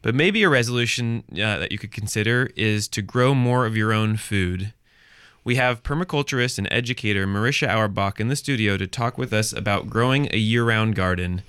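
Low-voiced male radio host. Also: fairly quick, a bit bright, smooth, no echo, studio quality. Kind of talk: community radio hosting and interviewing. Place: radio studio. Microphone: studio microphone.

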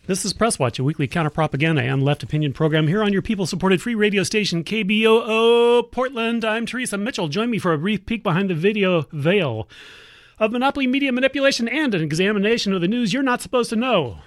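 A woman's voice: mid-range voice, animated, fast, no echo. A woman hosting a radio opinion program, reading a news article aloud and breaking in with wry, editorializing comments. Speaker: radio host.

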